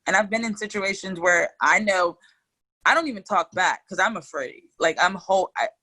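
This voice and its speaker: A woman as a podcast guest, telling stories in a hyped, animated way, casual and swearing freely. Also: mid-range voice, normal speed, rough recording.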